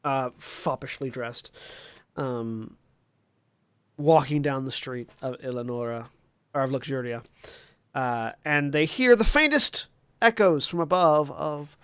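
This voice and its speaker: A man narrating a tabletop role-playing game as game master, pausing often and searching for words with many fillers. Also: mid-range voice, expressive, smooth, dry recording.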